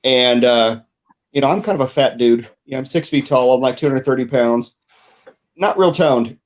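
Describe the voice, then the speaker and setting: A man of ordinary pitch tells a story on a casual podcast. He speaks frankly with a wry edge, as a co-host sharing his experience. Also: normal speed.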